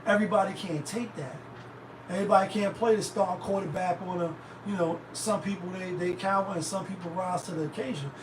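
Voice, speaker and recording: A man's voice: high voice, fairly even intonation, a little fast. A man hosting a show, talking in a loose, profane, rambling way. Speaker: host. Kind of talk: casual commentary. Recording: roomy, distant, noisy.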